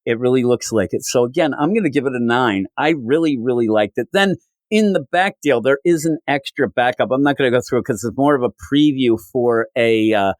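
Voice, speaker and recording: A man hosting a comics podcast, recapping a story with animated storytelling and acted-out quotes. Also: mid-range voice, fairly quick, no echo. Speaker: podcast host. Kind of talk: casual comic review recap.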